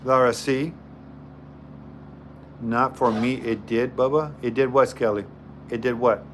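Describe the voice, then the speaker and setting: A man's voice: mid-range voice, steady tone, measured pace, a little hiss or hum. A man hosting a casual live stream on his phone, chatting with viewers, greeting them by name, and repeating himself as he goes. He says he is tired.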